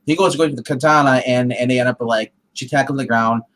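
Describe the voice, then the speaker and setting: A man in casual chat, co-hosting a comic book review. He retells the story in a rambling way, with restarts and filler words. His voice sits at a middle pitch. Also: steady tone, quick pace, a bit bright, poor audio.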